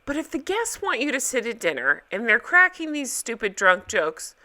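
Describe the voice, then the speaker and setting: A woman chatting casually to her viewers as she recaps a reality show, talking in an animated way and jumping from one topic to the next. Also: a little high, normal speed. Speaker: recap vlogger.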